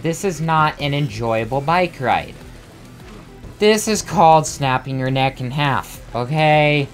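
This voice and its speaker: A young man giving frustrated, self-mocking let's play commentary as a gamer, with excitable outbursts. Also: mid-range voice. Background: faint game music.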